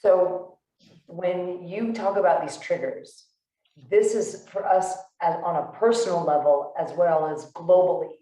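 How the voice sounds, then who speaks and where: A woman co-hosting a casual conversation, animated and full of "like"s and restarts. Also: fairly low pitch, measured pace, roomy sound, recorded from a distance, poor audio. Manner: animated storyteller, many "like"s and restarts. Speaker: podcast co-host.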